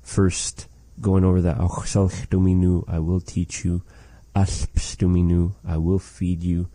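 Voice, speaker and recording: A man's voice: low-pitched, little pitch movement, measured pace, mellow, no echo. A man teaching a language lesson, patiently repeating words for practice. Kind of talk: language lesson with repetition drills.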